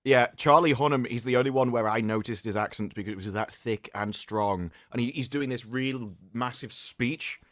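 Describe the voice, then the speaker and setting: A man's voice: medium pitch, moderate pace, hardly any pauses, a bit bright, dry recording. A man co-hosting a casual livestream chat, rambling and opinionated, on a close mic. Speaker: co-host.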